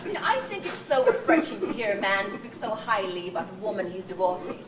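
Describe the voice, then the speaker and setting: A woman's voice: mid-range voice, big pitch swings, fast, a crowd in the background, noisy background, lightly acted. An actress playing a fluttery, sentimental woman who coos, giggles and is easily brought to tears, performed live on a church stage. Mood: gushing. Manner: fluttery and sentimental, cooing and laughing. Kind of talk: live stage comedy acting. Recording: echoey hall, distant mic, loud audience.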